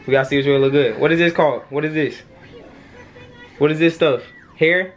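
A man's voice: a little high, fairly quick, highs cut off. A man filming a casual home vlog as a young father, playfully laughing and scolding his toddler in a bedroom.

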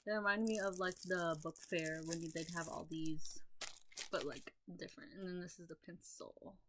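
A woman's voice: on the low side, steady tone, moderate pace. Young woman, casual vlogger, rambling and profane, laptop mic, faint hiss behind. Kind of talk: casual haul video chat.

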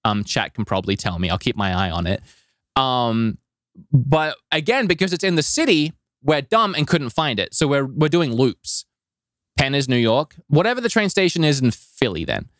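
A man's voice: mid-range voice, moderate pace, no echo, clean studio sound. Rambling man telling a travel story. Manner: rambling, animated retelling with filler words. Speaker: podcast co-host. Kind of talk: casual storytelling chat.

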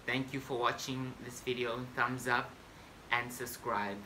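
A man telling a storytime vlog straight to camera in a slow, unhurried delivery. His voice is bright and forward, and he is excitable and boastful, with sudden loud bursts of swearing. Faint hiss sits under the recording. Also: mid-range voice. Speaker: vlogger. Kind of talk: casual storytime monologue to camera.

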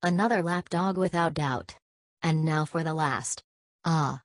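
A woman's voice: low-pitched, a little slow, dry recording. A woman reading the part of a fussy, vain older male detective, sprinkling in French phrases in a theatrical manner. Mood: musing. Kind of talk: audiobook character reading.

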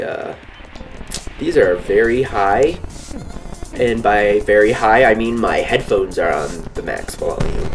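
A man talks through a game in a goofy, playful way, his voice swinging up and down. He speaks slowly and draws out his jokes. Faint game music plays behind him. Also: mid-range voice. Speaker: gaming YouTuber. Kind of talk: let's-play commentary.

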